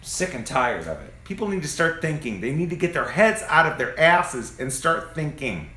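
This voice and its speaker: Man, angry preachy rant on a phone with lots of swearing, lively pitch, echoey room sound. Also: moderate pace. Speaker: vlogger. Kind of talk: ranting monologue. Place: among parked cars. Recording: roomy phone recording.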